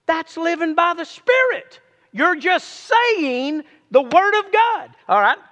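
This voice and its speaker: Male preacher, very high bright voice, slow deliberate delivery, call-and-response with congregation. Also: sing-song, big-room sound. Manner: call-and-response, urging listeners to repeat. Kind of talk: sermon.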